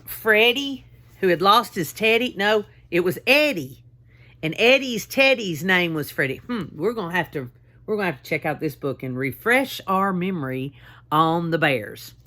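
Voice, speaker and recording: A woman kindergarten teacher, reading a picture book aloud and talking directly to young children. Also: on the low side. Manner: warm, animated, talks directly to kids. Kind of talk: storybook read-aloud for children.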